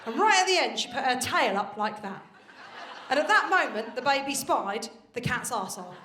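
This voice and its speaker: A high-pitched woman in her thirties, doing stand-up on a stage with a handheld mic. Her chatty, confiding delivery carries into a roomy venue, with audience noise clearly behind her. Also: big pitch swings, normal speed, pushed and bright. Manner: chatty, confiding, swears casually. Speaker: stand-up comedian. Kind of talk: live stand-up routine.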